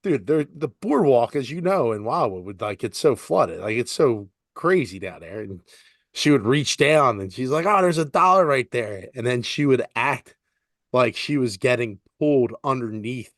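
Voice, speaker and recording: Animated young man telling stories. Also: moderate pace, no room sound, clean studio sound. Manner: animated storyteller, acts out voices with big pitch jumps. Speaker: podcast co-host. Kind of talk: casual chat.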